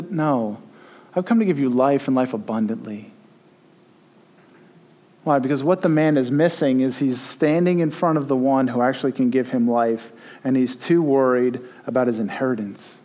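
A man's voice: medium pitch, normal speed, dark tone. A male pastor giving a conversational sermon and leading communion, rising to emphatic peaks.

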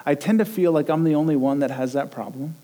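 A man, likely in his thirties, preaching a sermon and telling a lively personal story, acting out the quotes. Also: quick pace, rough recording. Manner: animated storyteller, acts out quotes with rising pitch. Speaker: pastor.

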